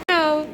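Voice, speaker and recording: A young woman chatting humorously to her camera in a casual vlog. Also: noisy background. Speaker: vlogger. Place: grocery store, car and restaurant.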